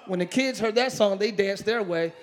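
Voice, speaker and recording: A man pastor preaching a lively sermon, swinging between loud shouted lines and quiet joking asides with the congregation, breaking into ecstatic exclamations. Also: sits high, normal speed, a little hiss or hum. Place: large church sanctuary with congregation.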